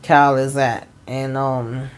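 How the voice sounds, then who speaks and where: A woman's voice: very deep voice, little pitch movement, slow pace, clear, resonant tone. A woman giving a casual, colloquial recap of a TV episode, retelling scenes through quoted dialogue and breaking in with her own exclamations. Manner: colloquial, frequent fillers. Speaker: TV recap host.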